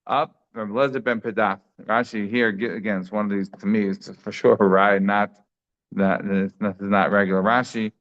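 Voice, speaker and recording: A man's voice: on the low side, fairly even intonation, fairly quick. A man giving a daily Talmud class in a conversational way, thinking aloud with frequent restarts. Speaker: Talmud teacher. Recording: slightly dull lo-fi sound.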